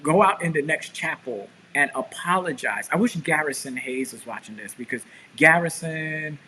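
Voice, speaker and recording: A man's voice: a little high, moderate pace, slight background noise, poor audio. A man, a pastor and show co-host, telling a story in casual chat and acting out the quotes. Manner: animated storyteller, acts out quotes.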